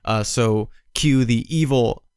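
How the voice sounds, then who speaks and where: A man chatting casually about a movie, swearing freely as he walks through the plot with gusto. His voice is smooth and clear, recorded close with a dry, dead sound. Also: medium pitch, slow pace, a little mellow, no room sound. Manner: profane, enthusiastic summarizing. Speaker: podcast co-host. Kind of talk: casual film review chat.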